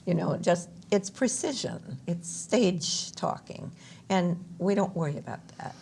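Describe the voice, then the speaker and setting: A woman's voice: lowish voice, lively intonation, measured pace, creaky, darkish tone, a little hiss or hum. A woman stage actor speaking emphatically in a conversational interview, often rephrasing as she goes.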